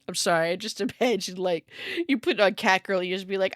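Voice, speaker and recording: A woman's voice: medium pitch, fairly quick, no room sound, studio quality. A woman streamer in casual chat with viewers, rambling with lots of filler words and laughing often, at home with her cat.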